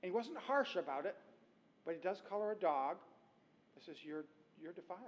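High-voiced preacher in a reverberant hall. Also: male voice, moderate pace, muffled recording. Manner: conversational, animated storytelling. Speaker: pastor. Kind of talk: sermon.

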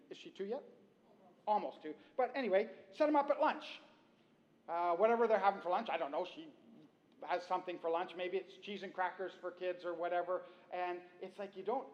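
A male pastor preaching a sermon in a conversational, animated storytelling way. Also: high-pitched, lo-fi sound. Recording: long hall reverb.

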